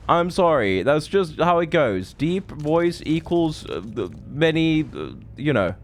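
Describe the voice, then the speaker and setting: Unhurried and sing-song, a man in his thirties with a fairly high voice commentates his live gameplay with few pauses. He wanders from thought to thought, curses a lot and chats casually with his viewers.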